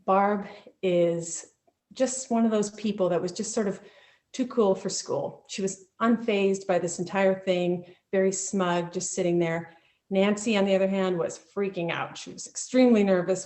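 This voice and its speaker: A woman's voice: lowish voice, a little mellow. Woman telling a vivid personal story. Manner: vivid, emotional, conversational telling. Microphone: video call.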